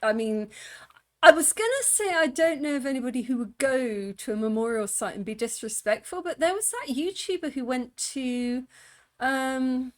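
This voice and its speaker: Chatty woman with a bright, high voice. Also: animated, normal speed. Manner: chatty, jokey, laughs often. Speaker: travel vlogger reacting to a video. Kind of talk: casual reaction commentary. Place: indoors at home.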